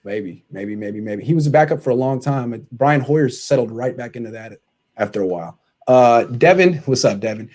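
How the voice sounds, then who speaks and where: A man's voice: medium pitch, expressive, moderate pace, darkish tone. A man hosting a casual sports talk show, ranting animatedly and reading out viewer comments.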